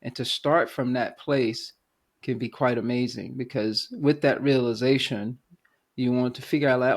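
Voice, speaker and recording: A man hosting a spiritual podcast, speaking slowly and thoughtfully and often stopping to find the right word. There is some gravel in his voice. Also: medium pitch, fairly even intonation. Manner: searching for words, halting, thoughtful. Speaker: podcast host. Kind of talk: casual conversation.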